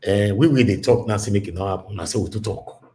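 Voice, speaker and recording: A man's voice: on the low side, fast talker, warm tone. A Nigerian man hosting a live stream, talking in an emphatic, repetitive way and mixing in pidgin. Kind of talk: casual live-stream monologue.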